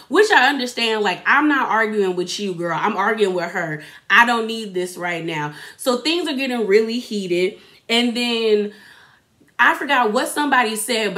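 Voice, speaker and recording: A woman's voice: mid-range voice, a bit bright. A young adult woman giving a chatty, opinionated recap of a reality show in casual slangy talk, acting out what people said.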